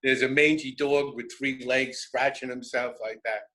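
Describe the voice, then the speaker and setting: A man telling a road story on a radio show, animated and self-interrupting, often laughing. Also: mid-range voice, normal speed, low-quality recording. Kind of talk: casual storytelling.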